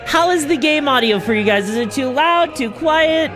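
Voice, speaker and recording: Over background music, a woman VTuber streamer chats casually while setting up a game, her voice high and animated at a moderate pace. She rambles, filling her talk with fillers and tossing in casual swearing, typical gaming stream banter.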